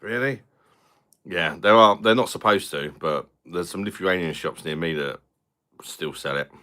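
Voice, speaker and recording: A British man hosting a relaxed live stream, talking over drinks and reading out comments from viewers. His voice sits low, yet it has a bright, forceful edge. He chats loosely and swears freely. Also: a little slow. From London. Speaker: beer review channel host. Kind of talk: casual live-stream chat.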